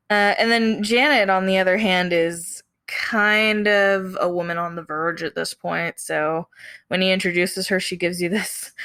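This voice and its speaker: Woman podcast co-host, unhurried recap delivery, dry close sound. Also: on the low side, a bit bright, smooth, no room sound. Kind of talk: casual podcast chat, recapping a film.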